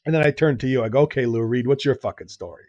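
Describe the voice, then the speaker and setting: A man's voice: mid-range voice, rapid-fire, darkish tone, no echo, dull audio. A man on a podcast telling a story in casual chat, acting out the dialogue and laughing often.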